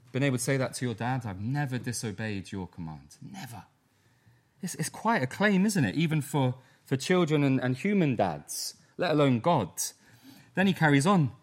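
A man preaching a sermon, reading scripture aloud and dramatically acting out the lines he quotes. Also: mid-range voice. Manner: dramatic, acts out the quotes he reads.

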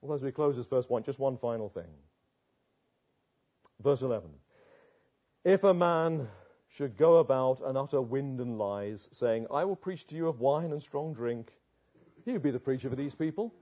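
A man preaching a sermon with urgency, swinging from loud warnings to hushed asides. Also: medium pitch, expressive, normal speed, pauses often, dull audio.

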